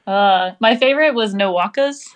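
A woman's voice: medium pitch, moderate pace. An American woman co-hosting a podcast, chatting casually with many "like" fillers and easy laughs. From United States. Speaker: podcast co-host. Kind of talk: casual chat.

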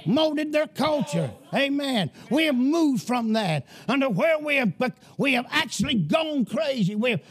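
Fiery, high-voiced gravelly preacher. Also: male voice. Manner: fiery, often shouting, emphatic. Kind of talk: sermon.

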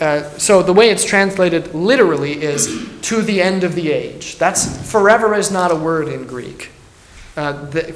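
Earnest pastor in a roomy hall. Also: male voice, high-pitched. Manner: earnest, emphatic, thinking aloud with restarts. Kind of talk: Bible study teaching. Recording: roomy echo.

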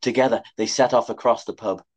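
A man's voice: mid-range voice, fairly even intonation, a little fast. A man reading his own comic story aloud with dry, wry asides. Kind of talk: comic scripted narration.

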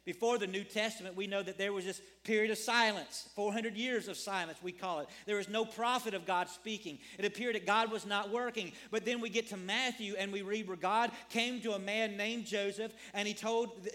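A man's voice: sits high, fairly even intonation, brisk, hardly any pauses, a bit bright. A man preaching a sermon as a pastor, earnest, repeating phrases and asking his congregation questions.

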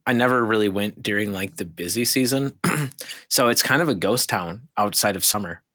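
A man from Wisconsin, a guest in a casual chat, easygoing and quick to laugh. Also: fairly low pitch, sharp tone, no room sound.

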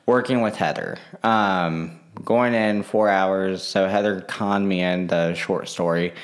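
A man's voice: deep voice, steady tone, slow pace. A man in a casual vlog monologue, rambling with lots of fillers and restarts.

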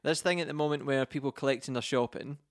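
A man's voice: medium pitch, fast talker, no room sound, studio quality. A man hosting a casual podcast chat, rambling and often breaking off mid-sentence. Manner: rambling, self-interrupting. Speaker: podcast host.

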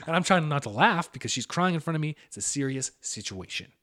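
A fast talker with a voice on the high side, the young co-host of a podcast spins a story in loose conversation, animatedly doing the voices of everyone he quotes.

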